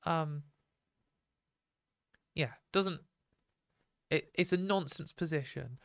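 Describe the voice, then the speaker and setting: A British woman hosting a live stream, talking bluntly and opinionatedly in a casual ranting way, her voice a little hoarse. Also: sits low, slow pace, no room sound, clean studio sound. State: hoarse from a fading voice.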